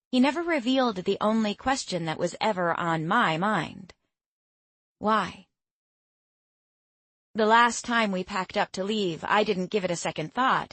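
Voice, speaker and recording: A woman's voice: medium pitch, a bit bright, dry recording. Woman narrating in a dry, close voice. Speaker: audiobook narrator. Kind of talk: scripted first-person narration.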